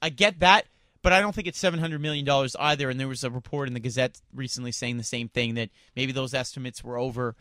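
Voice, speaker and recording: A man's voice: medium pitch, fairly even intonation, fast, sharp tone, no room sound, studio quality. A man hosting a sports radio show, ranting with indignation and stumbling over repeated words. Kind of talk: heated sports talk radio rant. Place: radio studio. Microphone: studio microphone.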